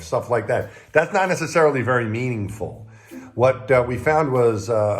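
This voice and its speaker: A man who was an astronaut, telling personal anecdotes to the camera in a relaxed conversational way. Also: lowish voice. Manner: anecdotal, conversational, warm retelling with acted quotes. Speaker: retired astronaut. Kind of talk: storytelling talk to camera.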